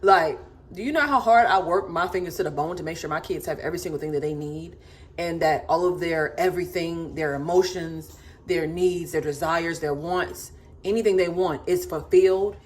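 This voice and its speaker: A woman's voice: on the low side, normal speed, slight background noise. A woman in her thirties, a mother of four, ranting to camera in an emphatic, sassy way and repeating herself for stress.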